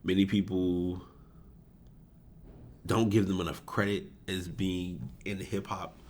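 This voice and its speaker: Podcast host, male, very low voice, rambling casual delivery, faint hiss behind. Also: level tone, slow, a little mellow. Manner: rambling, self-correcting, chuckles at himself. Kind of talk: casual solo podcast talk about esports. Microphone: desk USB microphone.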